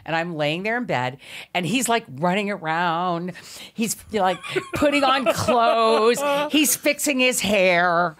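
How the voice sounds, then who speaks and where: This middle-aged podcast guest recounts a story with animation, breaking into frequent laughs, swearing, and voicing the quoted lines. Her pitch is medium and her delivery slow.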